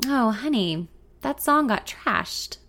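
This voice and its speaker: A woman voicing a charming, smooth-talking male songwriter who sweet-talks with pet names in a story reading. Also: on the high side, animated, takes it slowly, a bit bright, heavily acted. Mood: breezy. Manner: coaxing, sweet-talking, calls her honey and darling.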